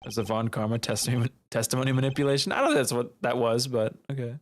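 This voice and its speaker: A man's voice: mid-range voice, lively intonation, fast, no echo. A man streaming a game, joking in laid-back casual commentary.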